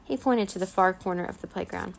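A woman reading a children's chapter book aloud as a bedtime story, in a gentle, expressive way. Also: mid-range voice, fairly quick, vocal fry.

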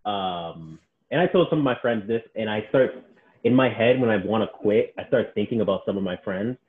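A man's voice: lowish voice, moderate pace. A man who works as a personal trainer, chatting casually and acting out what his clients told him. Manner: animated storyteller, acts out clients' quotes. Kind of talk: casual podcast chat. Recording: tinny phone-like sound.

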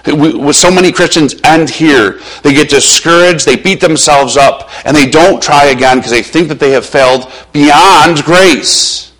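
A man preaching a sermon in a somewhat high voice. He swings from loud, urgent calls to hushed, near-quiet lines, with a slight strain in his voice. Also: unhurried, few pauses, poor audio. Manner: impassioned preaching, swinging between loud urging and hushed lows. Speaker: pastor.

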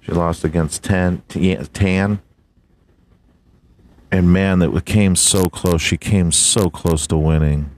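A man's voice: deep voice, steady tone, takes it slowly, darkish tone. A man hosting a casual solo podcast who jokes and swears freely, slipping into a mock race-announcer voice. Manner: profane, joking, swings into a big announcer voice. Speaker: podcast host.

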